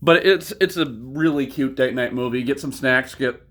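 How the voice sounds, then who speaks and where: A man's voice: mid-range voice, normal speed, fairly bright tone. Rambling, foul-mouthed young man reviewing a film. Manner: rambling, profane, goes off on tangents. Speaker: movie reviewer. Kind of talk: casual spoken review.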